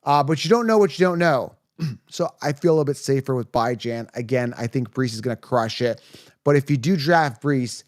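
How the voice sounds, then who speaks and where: A tired man hosting a casual livestream Q&A, rambling and answering viewer questions quickly with frequent restarts. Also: mid-range voice, no room sound, studio quality. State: tired, running on fumes late at night. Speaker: fantasy football livestream host.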